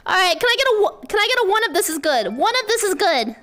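High, bright-voiced excitable young woman streamer. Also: fast. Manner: excitable, bursts into shrieking shouts and laughter. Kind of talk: casual livestream chat.

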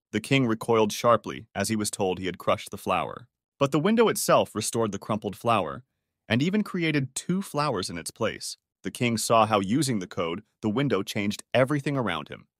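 A man reads a story recap aloud as scripted narration, his pitch rising and falling freely from line to line. The delivery stays even and steady, and the recording is dry and close with no room sound. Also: no room sound.

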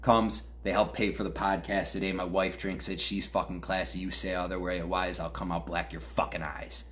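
Man, young, Western New York accent, podcast host, profane rant, fairly low pitch. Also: level tone, moderate pace, a bit bright, a little hiss or hum. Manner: brash, crude, mock-angry trash talk. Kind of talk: profane fantasy football rankings rant.

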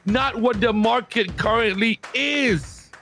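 A man playing a brash high-voiced gang partner. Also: slow pace, a little hiss or hum, full character voice. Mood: heated. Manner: brash, shouting, swearing. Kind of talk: voice-chat role-play.

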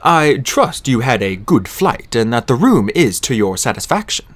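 A man voicing a tall, elegant older Italian schemer in an audiobook, speaking softly and mildly in a measured way. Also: medium pitch, sing-song. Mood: smooth. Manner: soft, mild, measured.

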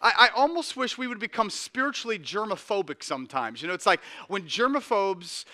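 Male pastor, thirties, dry close sound, lively storytelling sermon delivery. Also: high-pitched, a little fast, dry recording, some chatter behind. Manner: animated storytelling with shifts between quiet intensity and loud energy.

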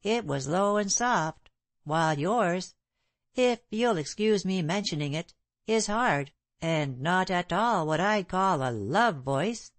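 A woman voicing a stubborn, indignant London landlady in an audiobook, insistent and sharp-tongued. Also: fairly low pitch, lively intonation, slow pace, no echo. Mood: puzzled.

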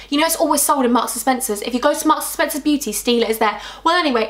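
Young woman beauty vlogger, bubbly and effusive, slightly high voice, casual chatty delivery. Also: fast, few pauses. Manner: gushing, excitable, self-deprecating. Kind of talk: casual chat.

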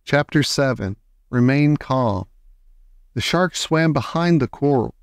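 Male reader, children's book narration, slow and expressive, dry close sound. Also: mid-range voice, clear, resonant tone, no room sound. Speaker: audiobook reader. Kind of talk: children's book read aloud.

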